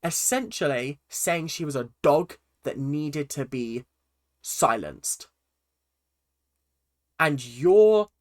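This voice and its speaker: A man ranting in an animated, exasperated way on his vlog, reviewing reality TV with mocking asides. His voice sits at a middle pitch and is recorded close and dry, with no room sound around it. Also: no room sound.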